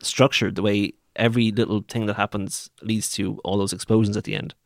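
A man chatting casually about movies and asking relaxed, thoughtful questions. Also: lowish voice, fairly quick, creaky, dry recording, clean studio sound. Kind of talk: casual chat.

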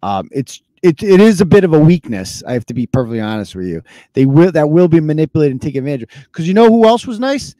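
A man in his thirties hosts a live show, his voice pitched a little higher than most men's. He rants casually, swearing freely and mocking people with heavy sarcasm. The sound is close and dry, with no room around it. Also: big pitch swings, fast, mellow, no room sound. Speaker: podcast host.

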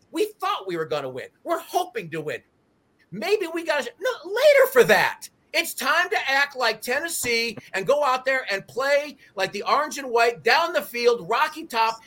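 A man's voice: very high voice, sing-song, moderate pace, bright, forceful tone. A middle-aged man, passionately rallying fans on a sports talk show. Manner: fired-up, preachy, raises voice to rally fans.

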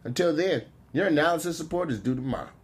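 A man voicing a sassy woman coworker firing back at a sexist colleague, with a drawn-out, mocking delivery. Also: on the high side, lively intonation, a little hiss or hum, close to an everyday voice. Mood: defiant, scornful.

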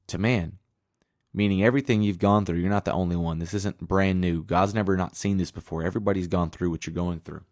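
A man's voice: low-pitched, a little mellow, dry recording, clean studio sound. A man preaching a sermon in an earnest, conversational way, reading scripture aloud as he goes.

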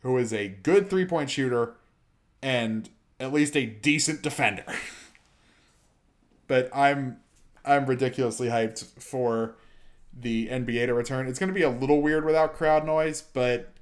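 A young man hosting a solo sports and gaming podcast, chatty and excitable, breaking into exasperated rants. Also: mid-range voice, unhurried. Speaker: podcast host.

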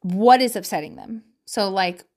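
A woman's voice: medium pitch, normal speed, a little mellow. A woman talking casually at home to her viewers about parenting, candid and swearing freely, with frequent laughter. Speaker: parent sharing parenting advice.

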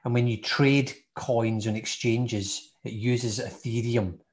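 Scottish male podcast co-host, casual and jokey, middle-pitched voice. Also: fairly even intonation, takes it slowly. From Scotland. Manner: jokey, chatty, laughs often.

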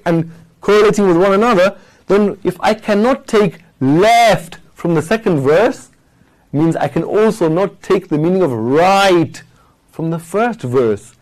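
Man, fairly high voice, patient lecture, checks in with "yes?". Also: darkish tone, low-quality recording. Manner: recites Arabic verses slowly. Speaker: Quran teacher. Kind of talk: explanatory class lecture.

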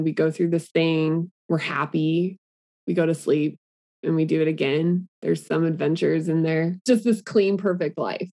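A woman's voice: on the low side, mellow. A woman co-hosting a podcast, musing casually and enthusiastically. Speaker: podcast co-host. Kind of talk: casual conversation.

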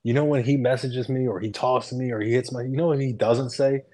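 Animated man chatting casually on a podcast. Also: mid-range voice, fast. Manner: animated, rambling with frequent fillers and swearing. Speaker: podcast co-host. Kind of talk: casual chat.

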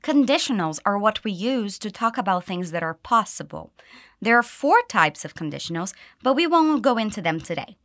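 Lively, clear woman English teacher. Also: mid-range voice, no room sound, clean studio sound. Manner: clear, deliberate model phrasing for learners to repeat. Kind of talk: pronunciation lesson with repeat drills.

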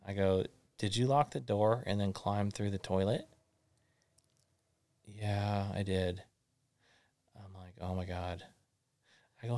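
A man hosting a casual chat, telling a long family story in a rambling, animated way with many fillers. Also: fairly low pitch, normal speed, pauses often, dry recording, clean studio sound. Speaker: podcast host.

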